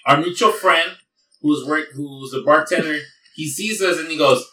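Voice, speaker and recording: A man's voice: on the high side, normal speed. Echoey, distant-miked casual male storyteller. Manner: profane, animated, slips into Spanish words. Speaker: podcast guest telling a story. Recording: echoey room, distant mic.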